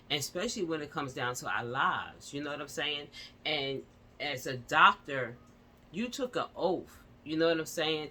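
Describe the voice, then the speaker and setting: A woman's voice: low voice, pushed and bright, slight background noise. A woman vlogger at home, giving impassioned casual commentary on a news story and speaking straight to her viewers with repeated fillers.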